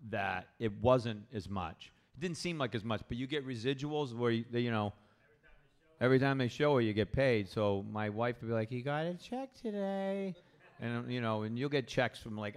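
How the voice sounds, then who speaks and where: Smooth-voiced New man telling stories. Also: mid-range voice. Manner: lively, acts out the people in his stories. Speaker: podcast guest, stand-up comedian. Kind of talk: comic storytelling anecdote. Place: comedy club with a live audience.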